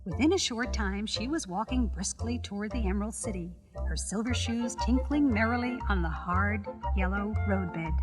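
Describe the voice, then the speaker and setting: A woman narrating a children's storybook record in a measured, expressive, scripted style. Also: fairly high pitch, in a large hall.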